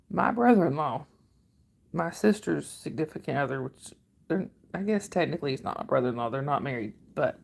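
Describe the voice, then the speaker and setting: A woman's voice: deep voice, gravelly. A middle-aged woman from northern Georgia with a Southern drawl, chatting on her livestream and answering viewer comments in a rambling, friendly way. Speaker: livestream host. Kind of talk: casual livestream chat.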